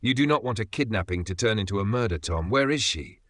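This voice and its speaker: A male narrator voicing a hard-nosed woman detective, firm and commanding and slightly out of breath. His bright, forceful delivery keeps her orders sharp in a story reading. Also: fairly low pitch, lively intonation, fast talker, no room sound, studio quality. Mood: urgent. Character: stern, urgent female police detective.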